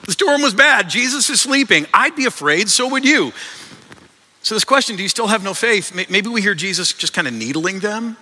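A man's voice: sits high, big pitch swings, moderate pace, pushed and bright. A man preaching a sermon as a pastor, earnest and conversational, often repeating his words as he goes. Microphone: microphone. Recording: long reverb in a large hall.

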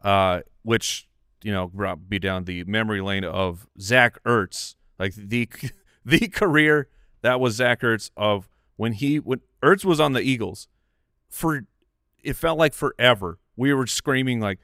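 A man's voice: on the low side, measured pace, fairly bright tone, smooth, no echo, clean studio sound. A man co-hosting a fantasy football podcast, telling stories and reminiscing during casual sports analysis.

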